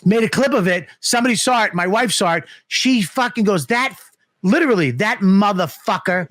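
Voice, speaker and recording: A middle-aged man telling animated, profane stories on a comedy podcast. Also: sits high, normal speed, no echo. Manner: animated, profane, acts out voices in his story. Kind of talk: casual storytelling on a comedy podcast.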